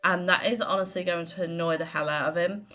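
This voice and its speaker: A woman's voice: on the low side, steady tone, fairly quick, bright, forceful tone. A young woman giving casual, giggly gameplay commentary as a let's play host. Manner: chatty, giggly, lots of fillers. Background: faint game music.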